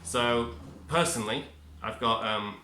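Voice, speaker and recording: A man's voice: medium pitch, unhurried, bright, forceful tone, a little hiss or hum. Rambling man, echoey room. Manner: rambling, self-interrupting, upbeat. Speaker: vlogger. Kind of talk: casual self-help monologue.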